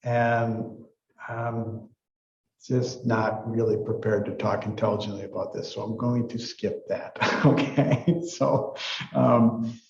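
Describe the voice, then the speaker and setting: A man's voice: fairly low pitch, fairly even intonation, slow pace, gravelly, darkish tone, reverberant, highs cut off. A man giving a university psychology lecture in a casual, rambling way, full of fillers and restarts. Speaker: psychology professor.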